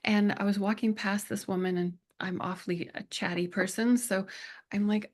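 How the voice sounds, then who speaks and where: A middle-aged woman speaking as a podcast guest, telling personal stories in an earnest, emotional way with slow reflective pauses. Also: medium pitch, fairly even intonation. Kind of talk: conversational interview.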